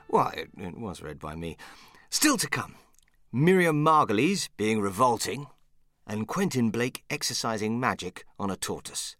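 A man's voice: fairly low pitch, very animated, a little slow, a bit bright, dry recording, faint music behind. A man narrating and hosting a podcast in a playful, theatrical way. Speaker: narrator and host.

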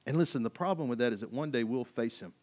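A man's voice: mid-range voice, animated, fast talker, a little mellow. A man preaching a sermon as a pastor, emphatic and conversational, full of rhetorical questions.

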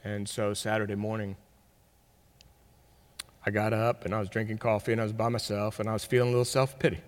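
A man preaching a sermon, telling stories with big swings between loud bursts and quiet, close talk. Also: lowish voice, little pitch movement, a little fast. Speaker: pastor. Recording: long hall reverb.

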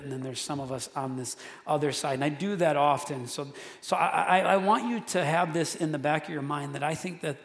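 A man preaching a sermon to his congregation, casual and chatty, often restarting his sentences. His voice sits a little high for a man. The sound carries a long reverb, as in a big church sanctuary. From central Wisconsin. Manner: casual, conversational preaching with many restarts and fillers. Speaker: pastor. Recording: echoey hall with long reverb.

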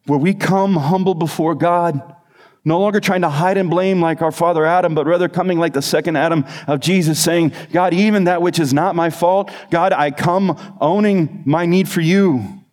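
A man preaching a sermon, building emphatic lists and slowing on key phrases. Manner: lowers to a quiet, soft voice in the closing appeal. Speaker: pastor.

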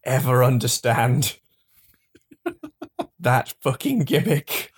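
Man, casual podcast chat, lively swooping delivery, swears a lot. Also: mid-range voice, extremely slow, husky. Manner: animated, swearing, acts out quotes in funny voices. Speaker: podcast co-host.

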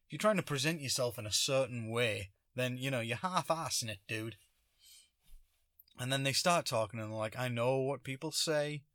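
Man, casual monologue, sarcastic, rambling, self-interrupting, mid pitch, dry close sound. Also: expressive, moderate pace, fairly bright tone, dry recording. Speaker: vlogger.

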